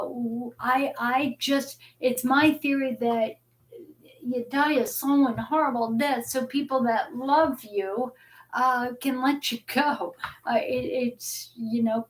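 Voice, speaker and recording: A middle-aged woman with a high voice speaks slowly into a webcam at home. She talks earnestly, stumbling and restarting often, as she hosts a live chat. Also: low-quality recording. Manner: halting, many restarts, earnest and devout. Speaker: host of a live chat show. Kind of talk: emotional live-stream chat.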